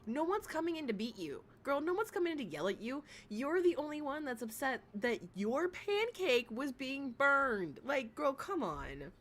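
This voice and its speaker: A woman's voice: high voice, very animated, unhurried, few pauses, fairly bright tone. A woman of thirty hosting a casual livestream, reacting bluntly and sassily and swearing freely as she talks to her chat. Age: 30s. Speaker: livestream host reacting to another streamer.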